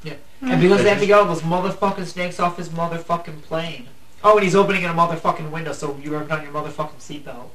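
A man's voice: a little high, quick pace, a bit bright. A man co-hosting a casual podcast, joking around, laughing and swearing freely. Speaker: podcast co-host. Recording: echoey room, distant mic, faint hiss.

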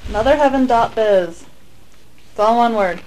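A woman's voice: on the high side, moderate pace, a little mellow, low-quality recording. A woman in casual group chat on a podcast, blunt and dryly unimpressed. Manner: blunt, dry, easily unimpressed. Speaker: podcast co-host.

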